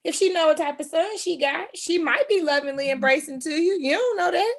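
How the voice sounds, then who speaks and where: A woman's voice: extremely high pitch, animated, brisk. Emphatic, teasing woman co-host. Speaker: podcast co-host. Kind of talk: casual chat.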